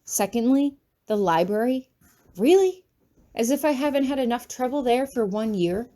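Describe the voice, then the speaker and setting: Woman narrating a fanfic audiobook, dramatic and expressive. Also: fairly high pitch, normal speed. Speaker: fanfiction reader. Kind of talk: first-person audiobook narration.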